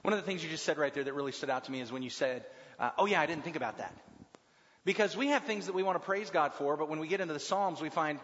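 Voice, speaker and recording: A man leading a group Bible class, asking questions and talking with lively swings in his voice. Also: a little high, very fast, few pauses. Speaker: Bible study leader. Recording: long reverb, dull lo-fi sound.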